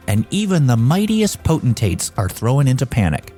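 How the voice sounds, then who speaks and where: Lively male podcast narrator over music. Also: mid-range voice, moderate pace, hardly any pauses. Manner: lively, expressive reading. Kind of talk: scripted narration.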